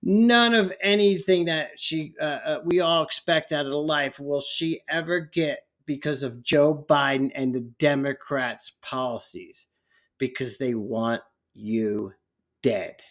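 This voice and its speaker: A man's voice: a little high, fairly even intonation, a little slow, few pauses, fairly bright tone. A man ranting heatedly in a political commentary vlog, often stumbling over his words.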